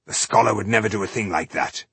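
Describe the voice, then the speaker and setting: Man voicing an impatient, gruff dwarf warrior. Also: fairly low pitch, fast, a bit bright, no room sound.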